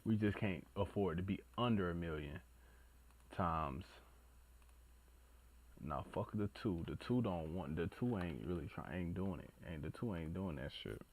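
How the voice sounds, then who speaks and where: Profane, excitable low-voiced man. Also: moderate pace. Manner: profane, excitable, stumbling over numbers and talking to himself. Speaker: reaction video host. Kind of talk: casual reaction commentary.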